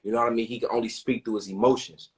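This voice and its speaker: A man's voice: mid-range voice, fairly even intonation, rapid-fire. A young man telling a personal story in an open, earnest way, often repeating himself and asking "you know what I'm saying". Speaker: podcast host.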